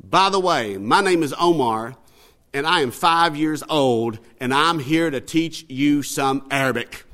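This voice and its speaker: A man's voice: fairly high pitch, a little slow, a bit bright. A man putting on a bold, polite five-year-old boy. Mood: earnest.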